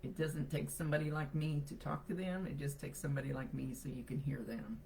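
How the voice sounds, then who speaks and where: A woman's voice: a bass voice, steady tone, brisk, creaky, warm tone, slight background noise, rough recording. A woman psychic medium giving a live reading to viewers, chatty and reassuring as she relays messages.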